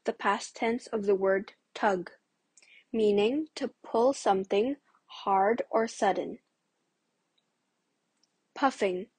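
A woman's voice: mid-range voice, a little mellow, breathy edge, no echo. A woman co-hosting a kids' podcast reads vocabulary words and their meanings carefully. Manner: slow, careful reading. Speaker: podcast co-host. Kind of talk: reading word definitions.

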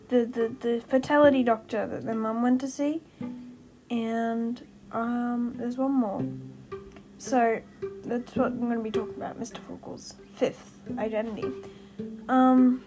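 A woman's voice: fairly high pitch, fairly even intonation, unhurried, dark tone, soft background music, rough recording. A young woman hosting a casual fan-theory podcast, rambling and correcting herself, recorded at home by a window. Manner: rambling, self-correcting, giggly. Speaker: podcast host.

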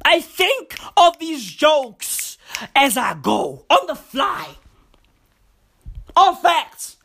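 A podcast host with a high, sing-song, somewhat bright and creaky voice drags out her words. She riffs a rambling, profane freestyle comedy monologue, repeatedly calling the listener "bruv."

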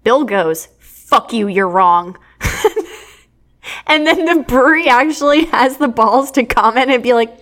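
Young adult female co-host, a bit higher-pitched, blunt and sarcastic. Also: unhurried, a bit bright. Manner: blunt, sarcastic, laughs often. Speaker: podcast co-host. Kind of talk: casual banter.

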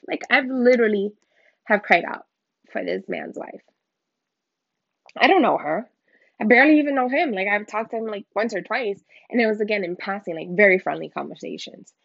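Gravelly-voiced woman sharing a faith testimony. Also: mid-range voice, animated, normal speed, dry recording. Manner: candid, emotional, informal slang. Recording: dull lo-fi dry recording.

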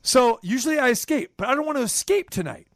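A middle-aged man hosting a sports radio show, telling a rambling story with animated swings between high and low. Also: quick pace, no room sound, clean studio sound. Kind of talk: casual sports talk chat.

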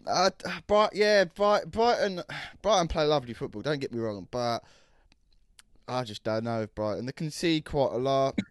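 A young man co-hosting a casual football chat, halting and repeating words as he talks. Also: mid-range voice, lively intonation, no room sound, clean studio sound. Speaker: podcast co-host.

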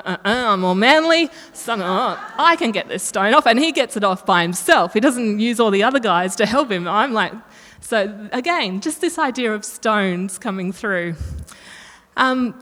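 A woman preaching a sermon in a chatty way, correcting herself and asking the room questions. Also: mid-range voice. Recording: long reverb of a hall.

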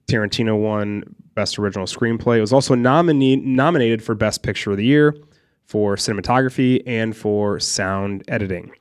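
A man's voice: fairly low pitch, darkish tone, clear, resonant tone. A man co-hosting a casual film podcast, laid-back, swearing freely and laughing often. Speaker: podcast co-host.

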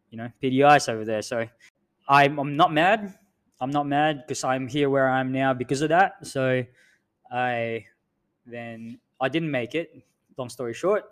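A man's voice: mid-range voice, clean tone. Podcast co-host, man in his thirties from the Philippines, mid-range voice, loose, frank and foul-mouthed. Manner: frank and loose, swearing freely. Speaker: podcast co-host, Navy veteran. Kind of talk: casual chat.

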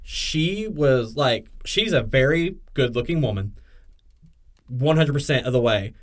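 A man's voice: mid-range voice, animated, measured pace. A young man co-hosting a casual chat, telling crude stories and acting out quoted voices. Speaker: podcast co-host.

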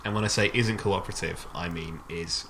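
A man's voice: sits low, fairly even intonation, a little fast, a bit bright, slight background noise. A man hosting a podcast, recounting a film's plot and then rambling into casual chat with frequent restarts. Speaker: podcast host. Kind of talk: casual film review chat.

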